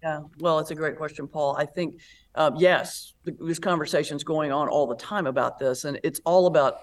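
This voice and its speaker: A woman pastor and comedian, a guest in an interview, telling stories in a lively, animated way. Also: deep voice, normal speed. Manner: animated storyteller, lively retelling with laughs. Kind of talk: conversational interview.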